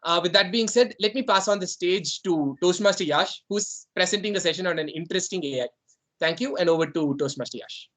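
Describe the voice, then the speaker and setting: A man's voice: high-pitched, brisk, fairly bright tone. Indian English man chairing a meeting. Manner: rambling, conversational, many fillers. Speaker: club president chairing an online meeting.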